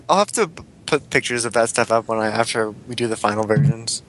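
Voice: medium pitch, fast, a bit bright, a little hiss or hum. A co-host in a casual chat among friends who teases the others and tells stories with frequent laughter. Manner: giggly, teasing storytelling. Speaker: podcast co-host.

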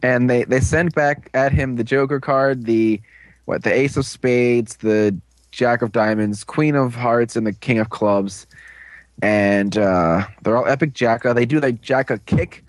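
A man's voice: medium pitch, no room sound. A man in casual conversation, retelling a show scene by scene with lots of energy. He drops in little put-on voices for the characters and laughs as he goes. His voice sits mid-range and the recording is dry and close. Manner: animated storytelling with quick voiced quotes and laughs. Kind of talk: casual chat, recapping a show.

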